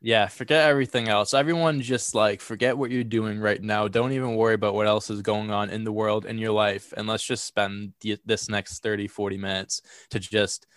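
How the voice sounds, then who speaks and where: A man's voice: fairly low pitch, steady tone, brisk, few pauses, fairly bright tone, dry recording, studio quality. A young man hosting a casual sports podcast, sounding a bit congested from a cold and talking energetically with lots of fillers and restarts. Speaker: podcast host.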